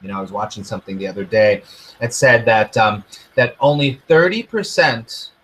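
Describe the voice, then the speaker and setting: A spiritual teacher and coach delivers an earnest, repetitive motivational lesson, often sinking to a soft near-whisper. His voice is lowish and breathy at a normal speed, and the recording is rough.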